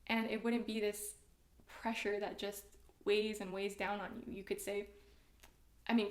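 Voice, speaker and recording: Earnest woman vlogging in an echoey room. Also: fairly high pitch. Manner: earnest, encouraging, often adds "right?" and "you know". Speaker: self-help vlogger. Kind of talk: casual advice talk to camera.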